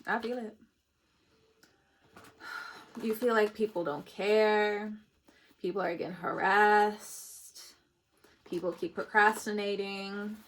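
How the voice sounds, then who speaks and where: A woman's voice: mid-range voice, steady tone, slow, pauses often. Woman tarot reader, casual and chatty, laughs a lot, slips into emotional asides. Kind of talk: casual spiritual reading.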